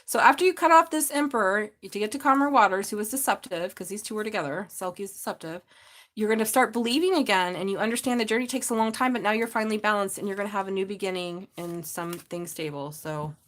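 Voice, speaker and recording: A woman's voice: medium pitch, fast, fairly bright tone. A middle-aged woman giving a live-streamed tarot reading, chatty and profane, laughing often and gushing at her viewers. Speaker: tarot reader.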